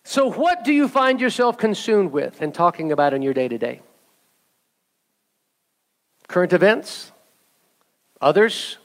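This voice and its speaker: Male pastor, earnest sermon delivery, slightly high voice. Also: very animated, measured pace, long pauses. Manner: earnest preaching, leads the congregation in song.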